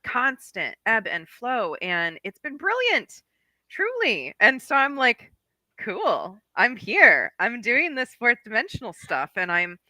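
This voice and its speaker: A woman co-hosting a spiritual podcast, talking in an excited, effusive casual chat. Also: on the high side, takes it slowly, no echo. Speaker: spiritual guide and co-host.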